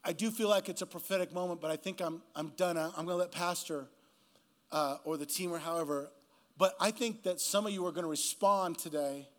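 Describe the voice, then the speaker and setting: Preaching as a guest pastor, this man relates a story in an easygoing way and works up to a slow, emphatic ending. His pitch sits fairly high and sounds a bit bright.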